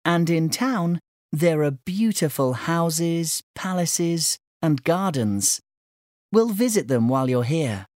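A woman voicing an eager young island girl, raised in pitch, lively and animated, in a slow storybook reading. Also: no echo, studio quality. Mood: cheerful.

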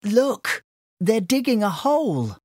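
A woman voicing a curious young boy visitor, pitched up, slow and wide-eyed. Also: very animated, a little mellow, dry recording, studio quality. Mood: surprised.

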